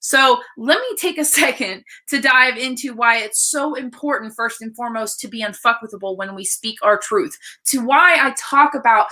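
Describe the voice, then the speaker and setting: A woman coach talking to viewers on a livestream, blunt and excited, swearing freely as she speaks. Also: a little high, normal speed, few pauses. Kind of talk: casual live-stream talk.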